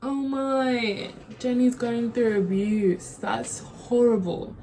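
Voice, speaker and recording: A woman's voice: a little high, slow, mellow, slight background noise. A young woman hosting a movie reaction, chatting with emotion and a lot of filler words. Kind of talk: casual reaction commentary.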